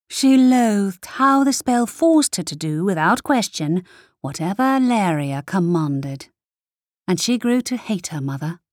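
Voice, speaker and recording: Slow, measured woman narrator. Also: on the low side, darkish tone, no room sound, clean studio sound. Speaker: audiobook narrator. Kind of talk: scripted fantasy narration.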